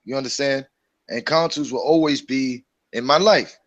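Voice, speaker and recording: A man in casual gaming chat, preachy and animated. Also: medium pitch, moderate pace, lo-fi sound. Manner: animated, preachy, mocks others in a put-on voice. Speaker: co-host.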